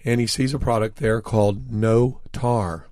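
A man's voice: fairly low pitch, steady tone, unhurried, a little mellow, dry recording. Earnest man recounting stories, dry sound. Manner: reflective, earnest, recounts dialogue. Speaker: author guest. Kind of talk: storytelling interview anecdote.

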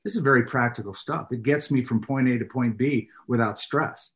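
A man's voice: medium pitch, normal speed. A middle-aged man, a pastor and author, talking as an interview guest with a preacher's emphasis. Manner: animated, speaks with a preacher's emphasis. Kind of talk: casual interview chat.

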